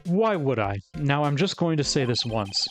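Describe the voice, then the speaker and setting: A man's voice: fairly high pitch, very animated, normal speed, a bit bright, faint music behind. A man voicing a pompous, arrogant male surgeon who huffs and blusters with self-pity. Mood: defensive. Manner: huffy, self-pitying, blustering.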